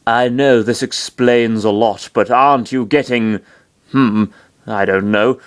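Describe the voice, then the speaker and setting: Male reader as polite young prince, slow, measured delivery, amateur story reading. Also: medium pitch, fairly even intonation, clean tone, close to an everyday voice. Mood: doubtful.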